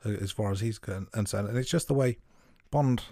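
A man co-hosting a casual film review podcast, talking in a relaxed, thoughtful way with many fillers and restarts. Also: lowish voice, fairly quick, no echo, studio quality.

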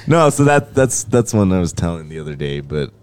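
A man's voice: deep voice, fairly quick, a little hiss or hum. A man hosting a podcast, telling profane, laughing stories in casual chat. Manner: laughing, profane, animated storytelling. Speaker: podcast host.

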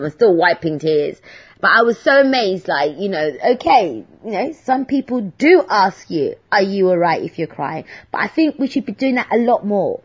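Chatty woman with a husky voice. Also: medium pitch, highs cut off. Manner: chatty storyteller, acts out voices in dialogue. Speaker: podcast host. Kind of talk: casual solo podcast monologue.

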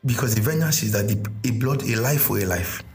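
A man's voice: on the low side, expressive, fairly quick, soft background music. A man teaching a sermon, explaining with everyday stories and repeating key phrases. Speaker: preacher.

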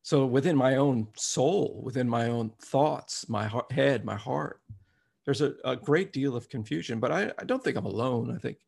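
A man's voice: mid-range voice, normal speed, vocal fry, darkish tone, slightly rough. A man preaching a sermon, reflective at first and growing emphatic as he reads scripture aloud.

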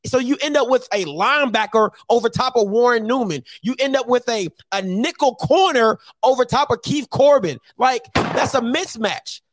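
A man's voice: extremely high pitch, normal speed, few pauses, no room sound. A man on a sports talk show, arguing his point insistently and repeating himself for emphasis. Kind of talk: heated sports debate.

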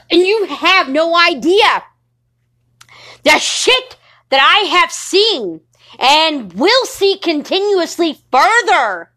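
Young adult woman, defiant angry rant full of swearing, high voice, slow and deliberate. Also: sharp tone. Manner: furious, defiant, swearing constantly. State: sleep-deprived. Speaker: podcaster. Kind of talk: angry profane monologue.

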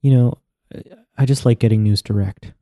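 A man co-hosting a casual podcast, asking teasing, deadpan questions while recapping a show. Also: mid-range voice, moderate pace, dry recording, studio quality. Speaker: podcast co-host.

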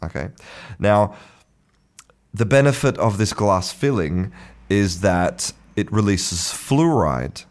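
Brief: deep-voiced male language teacher, loose unscripted lesson, stumbles and restarts. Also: sing-song, slow. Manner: hesitant, many restarts, chuckles often. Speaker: English teacher. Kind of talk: casual talking-head lesson.

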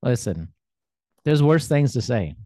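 A man's voice: mid-range voice, big pitch swings, a little slow, dark tone, dry recording, clean studio sound. Joking man hosting a chat. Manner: joking, self-deprecating, chatty with many fillers. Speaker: podcast host. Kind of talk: casual interview chat.

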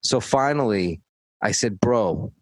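A man's voice: lowish voice, animated, unhurried, no echo, poor audio. A man casually telling a story, cursing freely and acting out what others said. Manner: profane, dry, acts out quoted voices. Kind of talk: casual anecdote.

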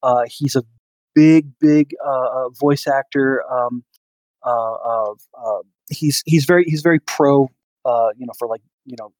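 Man co-hosting a podcast, rambling and hesitant, mid-pitched, dry close mic. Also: unhurried, a little mellow, dry recording. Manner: rambling, many fillers and restarts. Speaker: podcast co-host. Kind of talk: casual podcast chat.

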